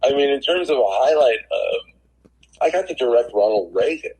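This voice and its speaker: A middle-aged man, a TV producer, telling lively anecdotes as a guest on a podcast. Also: medium pitch, normal speed, gravelly, breathy edge, rough recording. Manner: animated anecdotes with acted quotes. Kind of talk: casual storytelling in a podcast interview.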